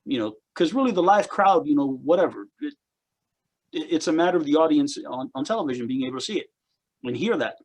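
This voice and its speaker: A man's voice: fairly high pitch, expressive, fast, a little mellow. A man co-hosting a casual wrestling chat podcast, rambling and repeating words as he picks apart what he watched. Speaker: podcast co-host.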